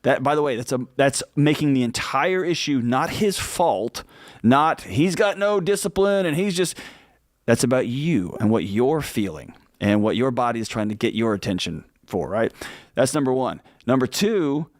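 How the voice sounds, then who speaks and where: Male radio co-host, blunt and animated, dry studio sound. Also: medium pitch, moderate pace, no room sound. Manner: direct, animated, acts out heartfelt pleas in a hushed voice. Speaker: co-host answering listener questions. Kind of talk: radio advice show talk.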